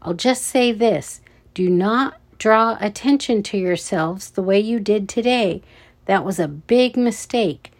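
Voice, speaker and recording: A giant of a guard , read by a woman in a children's storybook. His voice is throaty and pressing, full of hushed warnings, and he takes his time. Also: takes it slowly. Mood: urgent. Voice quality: deep, throaty. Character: huge gruff male security guard.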